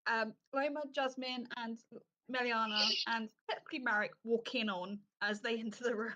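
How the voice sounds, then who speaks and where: A woman narrating a tabletop game as game master, lively and voicing the characters. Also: fairly high pitch, normal speed, poor audio.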